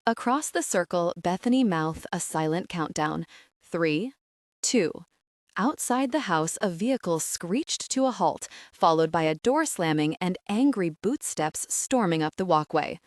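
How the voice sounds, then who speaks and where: A woman narrating a romance audiobook with expressive storytelling, recorded close to the mic. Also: on the low side, moderate pace, no room sound. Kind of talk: scripted narration.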